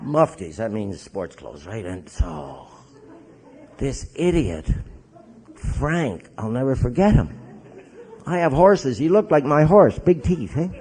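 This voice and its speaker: A Canadian man and Catholic priest telling his recovery story to an audience in a joking, animated way. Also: medium pitch, slow, long pauses. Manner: joking, animated storyteller who acts out others' voices.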